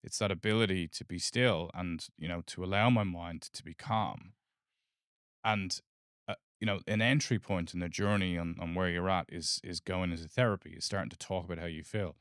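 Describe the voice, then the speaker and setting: A man's voice: low voice, fairly even intonation, moderate pace, a bit bright, smooth, dry recording, clean studio sound. A man co-hosting a podcast, speaking earnestly and reflectively in casual chat. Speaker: podcast co-host.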